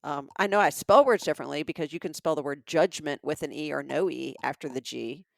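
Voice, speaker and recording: Woman, fifties, Southern accent, chatty podcast co-host, laughs often, lowish voice, dry close sound. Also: fairly quick, gravelly, no echo. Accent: Southern American. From American South. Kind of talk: casual chat.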